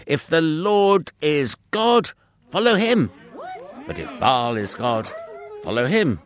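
A man's voice: on the high side, very animated, takes it slowly, voice pushed up. A man voicing a firm, fervent male prophet with emphatic, commanding calls in a storybook reading.

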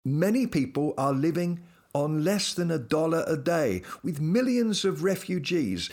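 A man's voice: a little high, sing-song, a little slow, darkish tone. A man hosting a devotional talk, mixing playful storytelling and humor into his message. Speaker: host and Christian speaker.

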